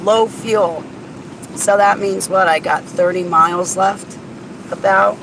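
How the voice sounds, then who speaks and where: A woman's voice: mid-range voice, fairly even intonation, unhurried, creaky. Rambling woman vlogging from her car. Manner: rambling, talks to herself and to viewers by name. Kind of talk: casual driving vlog chat. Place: inside a car on a highway. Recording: road and wind noise in a car.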